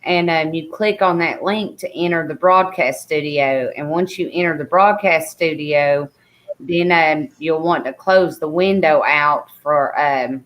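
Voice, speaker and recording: A woman with a Southern American accent, chatting casually on a livestream over a video call, rambling with lots of fillers. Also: low-pitched. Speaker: guest co-host on a livestream. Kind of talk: casual chat.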